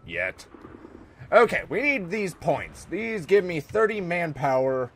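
A man's voice: a little high, big pitch swings, slow pace, slight background noise. Joking American man narrating a war game. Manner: joking, talks to his game soldiers, bursts into yelling. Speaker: gameplay commentator. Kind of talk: casual let's-play commentary.

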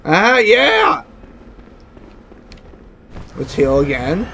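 High-pitched guy raging over his gameplay, slow and swingy, cursing constantly. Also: animated, a little hiss or hum. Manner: furious, swearing, yelling at the game. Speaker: gameplay streamer. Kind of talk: angry gameplay commentary.

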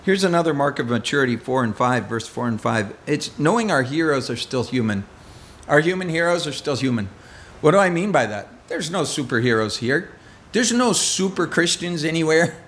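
Middle-aged guy preaching, kinda high voice that bounces all over, jokey storyteller. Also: moderate pace. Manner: animated storyteller, self-deprecating humor. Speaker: pastor. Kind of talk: conversational sermon.

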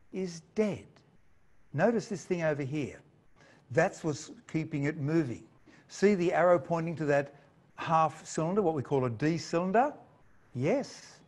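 Playful, jokey male science presenter. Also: fairly high pitch. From Australia. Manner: playful, jokey, animated storytelling. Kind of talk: lively live science talk.

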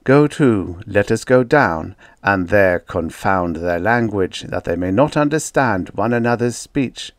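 A man voicing a polite, calm male linguist, speaking in a measured, slightly raised tone. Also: fairly low pitch, no echo, studio quality.

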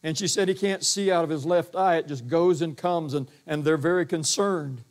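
Older guy preaching in church, big booming voice a bit on the high side, rambles and acts out quotes. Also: normal speed. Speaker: pastor. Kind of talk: sermon. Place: church sanctuary.

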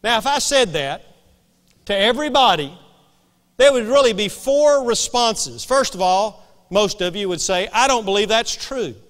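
High-voiced pastor preaching in a reverberant church. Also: male voice, lively intonation, measured pace, fairly bright tone. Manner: folksy, emphatic storytelling. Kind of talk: storytelling sermon. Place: church sanctuary. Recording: long reverb of a church hall.

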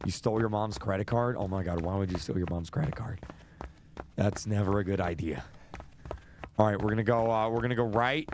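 A man's voice: on the low side, brisk, noisy background. A young man streaming a horror game, jittery and repeating himself, losing his voice. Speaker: gaming streamer. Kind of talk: live horror game commentary.

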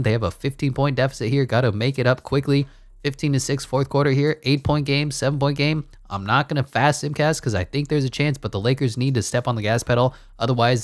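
A man calling a simulated basketball video game play-by-play, excitable and jokey, rising to big shouts on key moments. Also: medium pitch, dry recording, clean studio sound. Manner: jokey asides and laughs between calls. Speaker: gaming channel host.

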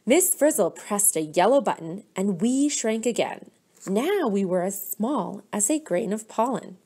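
A woman teacher reads a picture book aloud to young children. She reads slowly and gently in an even middle voice, stopping to ask the children questions. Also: medium pitch, breathy edge. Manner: slow, gentle, pauses to quiz children.

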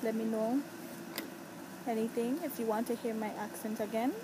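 A woman from St. Croix with a Cruzan accent, doing a casual accent-tag vlog, deliberately sounding out single words one by one. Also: on the high side, flat delivery, background noise. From St. Croix, US Virgin Islands. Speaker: vlogger.

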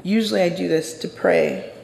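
A storyteller performing a true personal story live on stage, intense and measured, going hushed in the quiet moments. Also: mid-range voice, gravelly. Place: stage in a large hall. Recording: roomy hall with long reverb.

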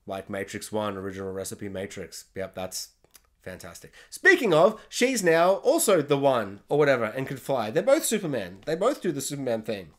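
A man's voice: mid-range voice, sing-song, normal speed, fairly bright tone. A man giving a casual, sarcastic spoken film review, exasperated and acting out scenes in silly voices. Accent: Australian.

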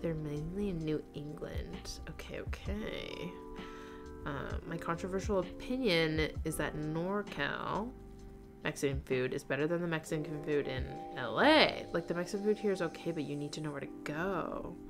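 A woman's voice: low voice, moderate pace, music in the background. A woman hosting a casual knitting livestream, chatting and reading viewer comments aloud with frequent laughter. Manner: chatty, laughs often, reads chat aloud.

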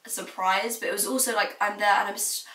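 A woman's voice: mid-range voice, steady tone, quick pace, pushed and bright, recorded from a distance. Brief: teenage girl vlogging, confiding and chatty, mic set back in an echoey room. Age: late teens. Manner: chatty and confiding, laughs now and then. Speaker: student vlogger. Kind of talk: candid advice vlog.

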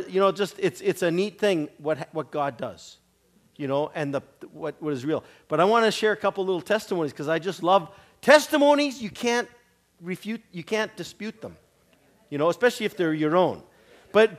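Animated middle-aged male preacher. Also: high voice. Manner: animated storyteller, laughing often. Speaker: visiting preacher. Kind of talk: sermon sharing testimonies. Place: church.

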